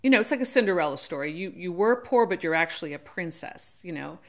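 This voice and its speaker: This book reviewer and channel host has a fairly low, expressive voice and talks fast. Her casual book discussion wanders off on tangents and is full of restarts and self-corrections, with brief quoted voices when she plays the characters.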